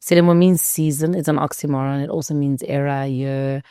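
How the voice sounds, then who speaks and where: A woman's voice: deep voice, steady tone, brisk, warm tone, clean tone, no room sound, clean studio sound. A South African woman, a guest and mother, talking in an earnest and reflective way in casual conversation.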